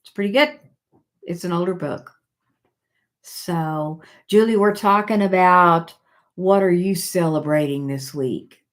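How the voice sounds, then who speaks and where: Reading viewers' comments aloud in a halting way, an older woman hosts a casual live stream and chats with her audience, her speech full of fillers and restarts. Her pitch is fairly low.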